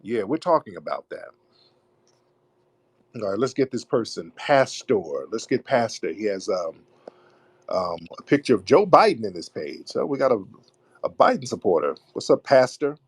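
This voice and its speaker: A man's voice: lowish voice, breathy edge, no room sound. Guy hosting a call-in show, pushy, keeps repeating himself, super dry mic. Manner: forceful, repeats his points, cuts callers off. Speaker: host of a live call-in audio show. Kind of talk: combative call-in debate.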